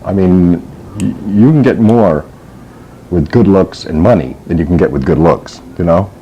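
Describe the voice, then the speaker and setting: A man's voice: sits low, normal speed, warm tone, highs cut off, a little hiss or hum. A male comedian giving straight-faced, rambling answers with many hesitations in a mock interview.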